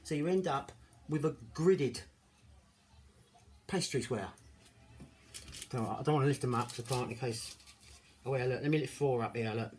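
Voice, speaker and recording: Jokey, rambling home-cooking vlogger, middle-aged, faint room noise. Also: male voice, mid-range voice, normal speed, pauses often, darkish tone. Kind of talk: casual chat to camera. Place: home kitchen, indoors. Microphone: camera mic.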